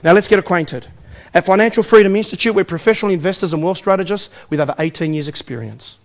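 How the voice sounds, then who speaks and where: Man, Australian accent, seminar presenter, rapid talker, high voice, energetic, rhetorical questions to audience. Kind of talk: live investment seminar pitch. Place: in front of a live audience.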